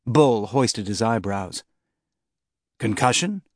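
A man reading an audiobook in steady, measured scripted narration on a close studio mic. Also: mid-range voice, no echo.

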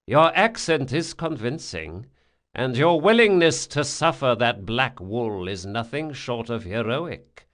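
A man voicing a cultured male captor who speaks in a smooth, slow and measured way. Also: mid-range voice, very animated, fairly bright tone. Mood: calm, menacing. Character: cultured mysterious male captor, calm and deliberate.

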